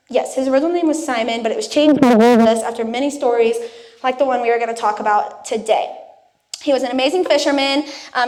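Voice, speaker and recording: Young woman, high voice, youth sermon, casual storyteller, echoey room. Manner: casual storytelling, acts out quotes. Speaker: youth speaker.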